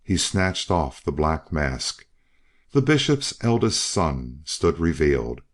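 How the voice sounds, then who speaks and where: A man's voice: rumbling low, sing-song, slow. A man narrating a western novel as an audiobook reader. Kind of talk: scripted narration.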